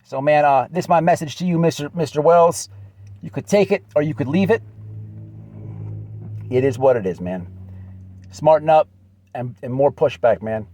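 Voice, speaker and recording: A man's voice: on the high side, normal speed, pauses often, warm tone, dry recording. A man giving an earnest, repetitive direct message, often calling the listener "man". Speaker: channel host. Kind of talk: direct address video message.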